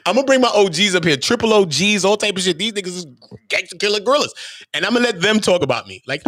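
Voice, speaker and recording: A man hosts his own channel and delivers a blunt, profane rant straight at his viewers. His voice sits high and swings widely in pitch. The sound is dry and close, with no room echo. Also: lively intonation, brisk, fairly bright tone, soft background music. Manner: blunt, openly profane, emphatic. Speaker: channel host. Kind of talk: ranting monologue to viewers.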